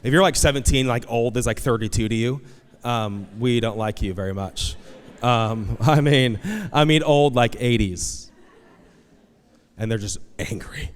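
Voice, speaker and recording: Animated pastor preaching in an echoing hall. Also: male voice, mid-range voice, unhurried. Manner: conversational and animated, acting out quoted voices. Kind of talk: sermon. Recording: long hall reverb.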